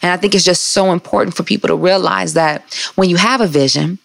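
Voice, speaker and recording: A woman's voice: fairly low pitch, brisk, vocal fry, dry recording. A woman hosting a conversation, talking earnestly about goals and motivation. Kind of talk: casual conversation.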